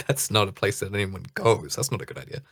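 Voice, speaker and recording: A man narrating a tabletop game as dungeon master, relaxed and hesitant with many fillers. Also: lowish voice, brisk, dry recording, studio quality.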